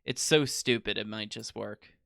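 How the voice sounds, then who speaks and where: Teen guy rambling on his podcast, gravelly bright voice, super dry sound. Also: lowish voice, dry recording. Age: teens. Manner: laid-back, rambling, quick laughs. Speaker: podcast host. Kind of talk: casual chat.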